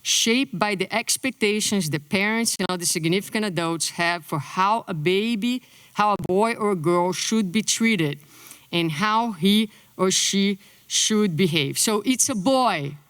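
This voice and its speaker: A middle-aged woman from Brazil, a native Portuguese speaker with a Brazilian accent, giving a conference lecture in an animated way. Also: medium pitch, unhurried, clear, resonant tone, no echo. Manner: animated, acts out quotes in a lifted voice.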